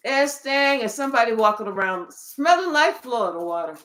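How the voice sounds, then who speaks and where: A woman giving a casual channeled reading, swearing often and telling playful, animated stories. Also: a little high, a little fast. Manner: profane, playful, animated storytelling. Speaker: spiritual tarot reader.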